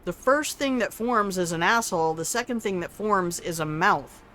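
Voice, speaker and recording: A woman's voice: lowish voice, lively intonation, normal speed, a bit bright, faint music behind. An older woman streaming a video game, chatting casually with viewers in a salty, teasing way and swearing freely. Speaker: gaming streamer. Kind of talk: casual gameplay commentary.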